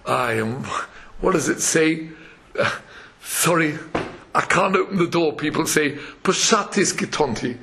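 With a fairly high voice and an unhurried delivery full of pauses, a Torah lecturer gives an animated sermon over slight background noise. He chants verses, acts out parables and quotes, and chuckles often.

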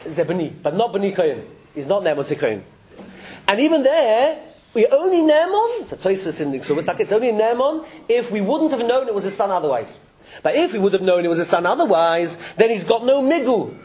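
A man giving a religious lecture to a live class, animated and chuckling, often restarting his sentences. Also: high voice, fairly quick. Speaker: religious teacher. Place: classroom with listeners.

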